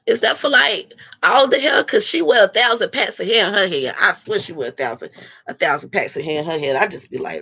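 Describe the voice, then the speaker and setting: A woman's voice: mid-range voice, animated, a little fast, bright, forceful tone, slightly rough. A woman talking casually with her livestream viewers, blunt and profane. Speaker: livestream host reading chat.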